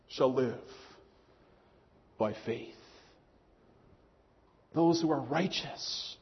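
Male pastor, earnest sermon delivery, muffled recording with hall reverb. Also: on the high side. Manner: earnest preaching, slowing on key phrases. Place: church hall. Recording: muffled long hall echo.

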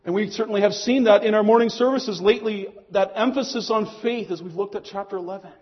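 A man preaching a sermon to his congregation in an earnest tone, slowing down on key phrases. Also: high-pitched. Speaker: pastor. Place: church hall. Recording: muffled long hall echo.

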